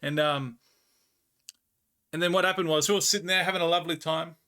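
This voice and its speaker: A man with an Australian accent talks casually to his stream audience, his voice bright and a little high. He rambles from one story to the next and laughs as he goes. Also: steady tone, a little fast, clean tone. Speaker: livestreamer. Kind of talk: casual chat with viewers.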